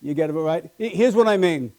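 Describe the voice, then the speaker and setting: A man's voice: fairly high pitch, expressive, a little fast, darkish tone. A man doing a live stand-up routine with wry, self-deprecating punchlines on a small comedy stage.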